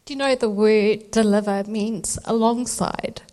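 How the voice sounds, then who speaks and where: Animated woman telling a birth story. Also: mid-range voice, measured pace. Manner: animated storytelling, acts out voices. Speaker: speaker sharing a birth testimony. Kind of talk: testimony talk at a church event.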